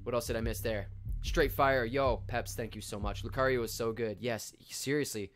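A young man from Canada hosting a live stream, chatting excitedly in slang and greeting viewers by name. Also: medium pitch, moderate pace, soft background music. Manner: hyped, slangy, shouts out chat viewers by name. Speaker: livestream host. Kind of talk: casual live stream chat.

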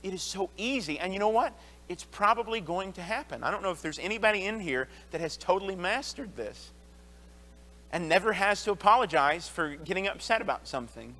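A man's voice: high voice, animated, brisk, pushed and bright. A man in his thirties, an associate pastor, preaching an earnest sermon in a church and telling personal stories, often restarting his sentences. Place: church sanctuary. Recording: long church hall reverb.

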